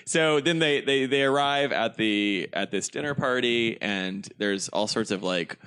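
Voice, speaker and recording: A man hosting a comedy movie podcast, recapping scenes in an animated, rambling way and laughing often. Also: medium pitch, a little slow, smooth. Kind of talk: casual comedic movie chat.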